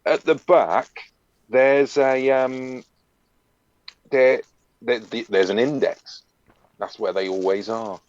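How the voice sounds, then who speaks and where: A man's voice: mid-range voice, slow pace, long pauses, darkish tone, dull audio. A man co-hosting a live comedy podcast, telling odd historical anecdotes with dry wit and a lot of hesitation. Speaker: podcast co-host. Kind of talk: casual comedic live-stream chat.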